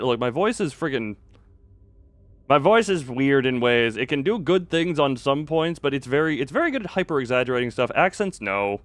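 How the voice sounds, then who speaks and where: A man's voice: mid-range voice, dry recording. Young guy streaming a game, rambly and jokey, makes fun of himself, pretty dry sound. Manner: rambling, self-mocking, jokey, often breaks off into laughs. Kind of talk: casual live-stream chat.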